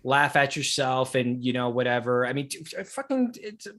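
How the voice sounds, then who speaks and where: A man's voice: medium pitch, big pitch swings, moderate pace, a bit bright. A man co-hosting a podcast in casual chat, blunt and stammering with repeated restarts. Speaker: podcast co-host.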